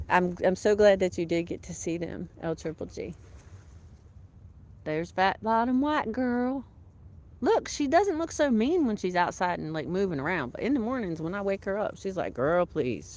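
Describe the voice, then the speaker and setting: A woman's voice: medium pitch, moderate pace, darkish tone. A woman, chatting casually on a livestream from her home kitchen, laughing often. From Southeastern Virginia. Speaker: vlogger.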